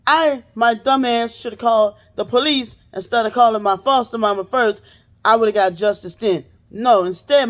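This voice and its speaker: A woman host telling a story in casual chat, profane and blunt, acting out what others said. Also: on the high side.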